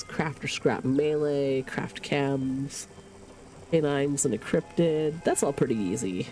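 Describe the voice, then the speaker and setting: Faint music sits behind this streamer's dark, medium-pitched voice, delivered at normal speed. Stuffy-nosed from a cold, they chat casually during a game, talking through every in-game task out loud.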